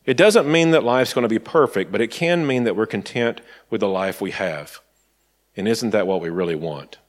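A man from Tennessee preaching a conversational sermon and telling stories, sometimes dropping to soft asides. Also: fairly low pitch, lively intonation, normal speed.

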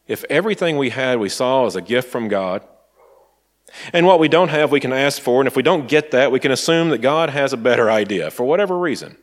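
A man from Tennessee preaches in a relaxed, storytelling way. His pitch moves a lot, and he sometimes drops into quiet asides. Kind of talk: sermon.

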